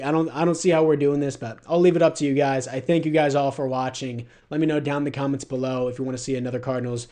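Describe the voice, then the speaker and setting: A young man commentating his own football video game play as a gaming YouTuber, calling each down and voicing frustration at his players. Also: medium pitch. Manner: narrates his own plays, flares into loud frustrated rants. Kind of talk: live gameplay commentary.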